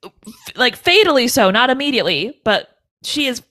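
A woman's voice: fairly high pitch, sing-song, brisk, sharp tone, no echo, studio quality. Playful woman podcast co-host. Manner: playful and laughs easily, walks through plot beats. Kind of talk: casual chat recapping a horror film.

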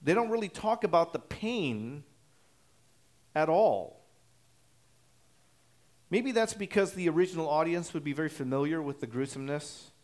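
A male pastor delivering an expository sermon, teaching in a measured, explanatory way with frequent "uh" pauses and restarts. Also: fairly high pitch, lively intonation, a little mellow.

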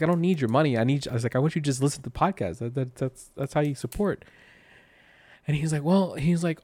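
Animated young man telling a story. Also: mid-range voice, dry recording. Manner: animated, rambling with many fillers. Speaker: podcast co-host. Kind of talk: casual chat, storytelling.

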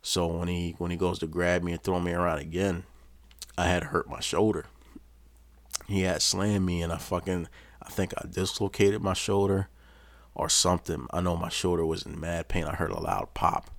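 Speaking in a deep voice with flat delivery at normal speed, a man hosts a podcast and tells a casual, rambling story packed with profanity. The recording is dry.

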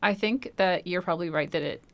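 A woman's voice: fairly low pitch, a little fast. A young woman co-hosting a podcast, talking through a film in a thoughtful, analytical, chatty way. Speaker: podcast co-host. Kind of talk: casual chat.

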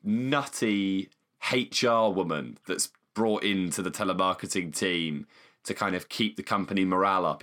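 Laughing man, lowish voice. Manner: laughing, swearing, animated retelling. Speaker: podcast co-host. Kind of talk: casual chat.

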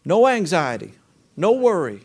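Male pastor, high-pitched, conversational sermon with call-and-response. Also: sing-song, a little slow, a little mellow, slightly rough. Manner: conversational preaching with rhetorical questions and call-and-response.

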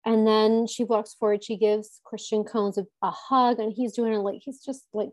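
Woman cohost kinda high voice, animated, laughs a lot, recapping an episode off her notes. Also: normal speed, no echo. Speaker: podcast co-host. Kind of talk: casual chat recapping a reality show.

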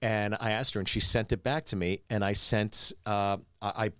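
Low-voiced man telling stories, dry sound. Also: moderate pace, smooth, no echo. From Pittsburgh. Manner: animated anecdote teller, lots of quoted dialogue. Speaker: comedian guest. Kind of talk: casual storytelling.

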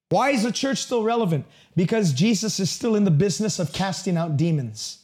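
A man preaching a sermon with passion and emphasis, sometimes rising to a shout. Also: high-pitched, animated, fairly quick, few pauses.

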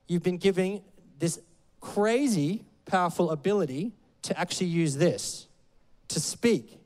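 Man, pastor, high voice, casual sermon, chatty, hall reverb. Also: a little mellow. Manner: conversational, filler-heavy, playful.

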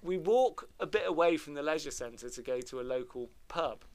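A man's voice: on the high side, expressive, normal speed. A middle-aged man from Devon, telling a self-mocking anecdote in casual chat. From Devon, England.

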